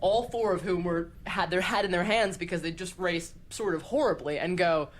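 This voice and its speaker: A woman's voice: on the low side, moderate pace, slight background noise. A woman chatting on a podcast, telling a story in a loose way with lots of fillers. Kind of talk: casual anecdote on a podcast.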